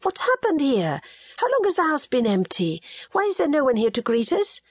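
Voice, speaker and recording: A woman's voice: sits high, wildly swooping pitch, moderate pace, no echo, pitched above the performer's own voice. A woman narrator voicing a practical young mother who speaks with urgent, worried questions.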